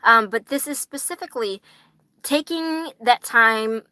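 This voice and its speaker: This tarot reader hosts a laid-back livestream, munching fries as she rambles, laughs a lot, and swears offhandedly. She's a young woman with a highish, bright, forceful voice and a slightly slow pace. The recording is dry.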